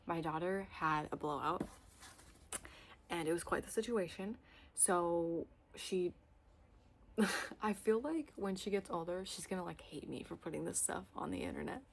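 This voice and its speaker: A young woman chatting casually to camera about her reading, rambling with lots of fillers and excited bursts. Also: lowish voice, normal speed, gravelly. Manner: expressive, swings into loud excited bursts. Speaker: book vlogger.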